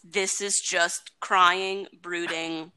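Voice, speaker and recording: Woman, podcast co-host, blunt and emphatic, bright tone, lowish pitch. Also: little pitch movement, extremely slow, smooth, no echo. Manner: blunt, emphatic, swears casually. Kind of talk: casual chat about a TV adaptation.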